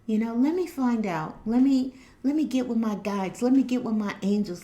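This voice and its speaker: A woman's voice: on the high side, brisk, dark tone, slight background noise. A woman giving an earnest, repetitive spiritual motivational talk to her viewers. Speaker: spiritual reader.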